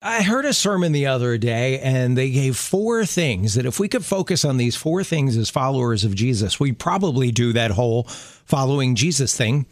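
A man's voice: mid-range voice, expressive, moderate pace. A middle-aged man co-hosting a faith radio show in casual chat, easygoing and joking, laughing often. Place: radio studio.

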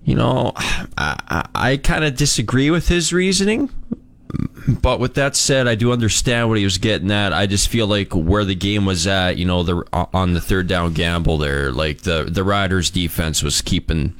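A man's voice: low-pitched, moderate pace, dry recording. A man co-hosting a sports talk radio show, talking things through hesitantly with many restarts.

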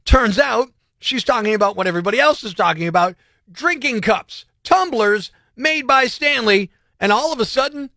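Man, morning radio host, sarcastic, high-pitched, bright tense tone. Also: lively intonation, moderate pace, gravelly, no room sound. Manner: sarcastic, mocking and loud. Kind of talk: brash radio banter. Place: radio studio.

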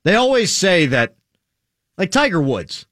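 Animated high-voiced American host. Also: male voice, a little slow, no room sound, studio quality. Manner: animated, opinionated. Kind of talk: casual talk-show chat.

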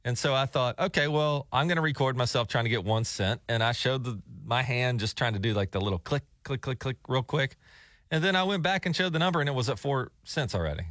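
A man co-hosting a morning radio show, telling a story in casual, animated banter. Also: mid-range voice, fast talker, few pauses, no room sound, clean studio sound. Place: radio studio. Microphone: studio microphone.

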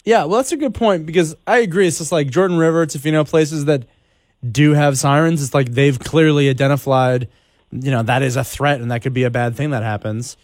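A male radio show host in casual chat, animated and fond of rhetorical questions. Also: fairly high pitch, brisk, dry recording, clean studio sound.

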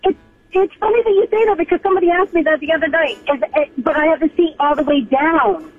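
A woman calling in to a radio show over a tinny phone line. She talks about her work in a friendly, matter-of-fact way, and her voice is high. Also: fast, faint music behind. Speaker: caller, truck driver. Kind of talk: phone-in call.

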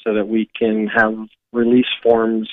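A man's voice: lowish voice, completely flat delivery, unhurried, no room sound. A man speaking as a community services director in a radio phone interview, hesitant with many fillers. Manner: hesitant, many ums and uhs. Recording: tinny phone line.

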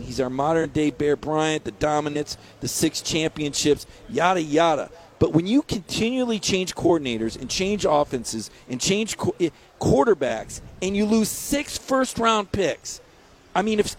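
A man as a guest on a sports radio show, talking in emphatic, rapid-fire rants with repeated words. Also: fairly high pitch, slight background noise. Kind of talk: phone-in sports radio interview.

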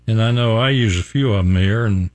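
An older West Virginia man hosts a relaxed morning radio show, chuckling in a folksy way as he reads examples aloud. His voice is fairly low-pitched and brisk, captured on a studio microphone with no echo.

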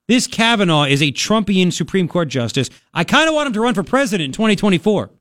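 A man's voice: sits high, no echo, clean studio sound. A man hosting talk radio, giving indignant, mocking commentary.

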